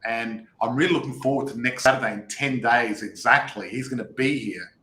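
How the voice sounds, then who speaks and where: Upbeat male stream host, bright tone, roomy echoing audio. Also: mid-range voice, a little fast. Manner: upbeat, addresses viewers directly. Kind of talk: live stream address to viewers. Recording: echoey live stream audio.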